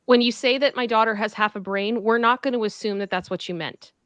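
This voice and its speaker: A woman co-hosting a casual livestream chat, earnest, firm and measured. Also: a little high, a bit bright, no room sound. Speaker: co-host.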